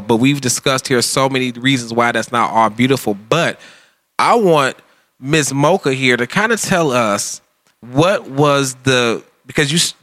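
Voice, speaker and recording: A man's voice: medium pitch, fairly bright tone, dry recording. A man hosting a casual podcast chat, blunt and joking, cursing freely and steering the talk to his guest. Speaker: podcast host.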